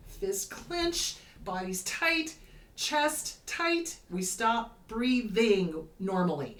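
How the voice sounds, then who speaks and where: A woman therapist talks through her advice with lively, swooping pitch and emphatic stresses. Her voice sits a little back from the mic in a roomy, echoing space, and she slips into quick acted-out voices as she explains. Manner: animated, emphatic, acts out quoted voices. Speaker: therapist host. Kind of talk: casual advice talk. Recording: roomy echo, slightly distant from mic.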